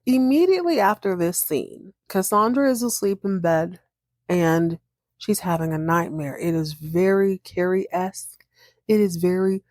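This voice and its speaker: Female podcast host, casual recap, slightly low voice, mimics characters for fun. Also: moderate pace, darkish tone, no room sound, studio quality. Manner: chatty, acts out characters' lines with playful voices.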